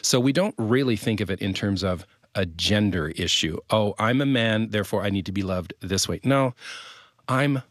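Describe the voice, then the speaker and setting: A middle-aged man sharing a marriage story as an interview guest, animated and playing out the quotes. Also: lowish voice, normal speed, no room sound, studio quality.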